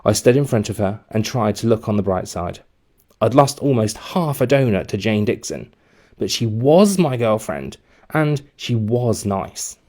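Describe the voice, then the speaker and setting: Lively male teacher reading a story. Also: fairly low pitch, a little slow. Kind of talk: storybook narration.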